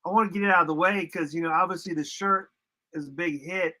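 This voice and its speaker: A man co-hosting a live fan stream, joking and excitable in slangy casual chat, getting over a summer cold. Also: high voice, fast. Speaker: co-host.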